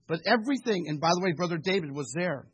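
High husky-voiced male pastor preaching. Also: lively intonation, fast talker, poor audio. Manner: emphatic storytelling, acting out conversations. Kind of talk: sermon.

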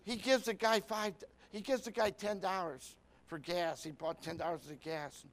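A man's voice: high voice, fairly even intonation, moderate pace. A man preaching a sermon, telling a folksy story with lots of repetition and rhetorical questions.

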